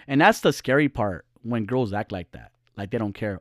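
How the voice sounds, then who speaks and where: A man's voice: mid-range voice, lively intonation, normal speed, dry recording, clean studio sound. A man who is a podcaster and social media personality, telling a story as a casual monologue. He talks in a profane, ranting way.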